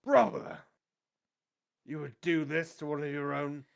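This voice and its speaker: A desperate, bleeding soldier captain yells in a high, strained pitch far above the speaker's normal voice, as a man playing a tabletop game puts him on. He sounds frantic and worn out, a wounded man calling for his men. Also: unhurried, gravelly. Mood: pleading. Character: bloodied dying male soldier captain, desperate.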